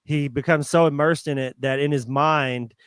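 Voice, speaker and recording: A man with a fairly high, bright, clear and resonant voice co-hosts a podcast, speaking in a steady tone at normal speed. The sound is a dry, clean studio recording. He chats casually and rambles, using lots of "like" and "kinda."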